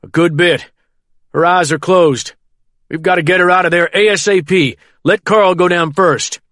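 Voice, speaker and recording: A man voicing a steady, controlled helicopter pilot who speaks in a taut, clipped way. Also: fairly high pitch, measured pace, no echo, clean studio sound. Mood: grave.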